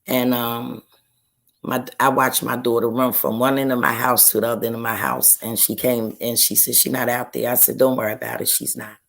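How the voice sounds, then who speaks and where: A woman, a guest author, sharing an emotional personal testimony in an interview, telling it slowly and earnestly and often repeating her phrases. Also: a bass voice, steady tone, gravelly, fairly bright tone.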